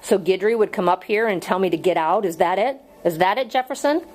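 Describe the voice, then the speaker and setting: A woman's voice: mid-range voice, brisk, a little mellow, lightly acted, low-quality recording. A woman voicing an earnest young male schoolteacher in an audiobook reading, pleading with strained patience.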